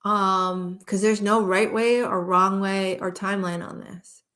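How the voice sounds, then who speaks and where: A woman's voice: mid-range voice, steady tone, unhurried, fairly bright tone. Earnest woman hypnotherapist talking shop. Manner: passionate, earnest, many restarts. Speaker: hypnotherapist guest. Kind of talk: live-stream conversation.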